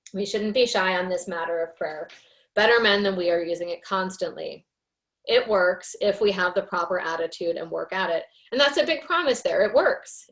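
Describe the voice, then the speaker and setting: A woman with a mid-range, fairly bright voice leads a recovery workshop and reads aloud from a book. Her teaching is casual, conversational and earnest, packed with "you know" fillers.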